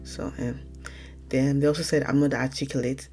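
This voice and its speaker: A young woman from Nigeria hosting her own casual podcast, talking fast and rambling, often correcting herself mid-sentence. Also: a bass voice, level tone, dark tone, faint music behind. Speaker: podcast host. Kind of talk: casual solo podcast talk.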